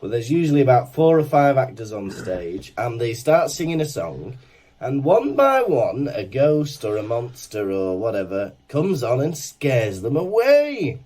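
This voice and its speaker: A man, co-hosting a podcast and telling a lively anecdote in casual chat. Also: medium pitch, a little slow. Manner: animated anecdote-telling with laughs and acted quotes. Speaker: podcast co-host.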